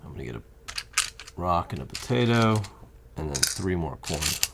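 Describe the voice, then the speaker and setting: Man, very low and gravelly; casual board game chat, explains the rules as he goes. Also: animated, moderate pace, heavy background noise. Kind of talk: casual chat while playing. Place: home game table. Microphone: condenser mic.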